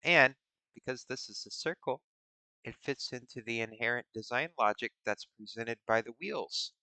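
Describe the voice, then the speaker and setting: A man's voice: medium pitch, normal speed, bright, forceful tone, dry recording. A man hosting a stream in casual, rambling chat, musing aloud in a playful way. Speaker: streamer host.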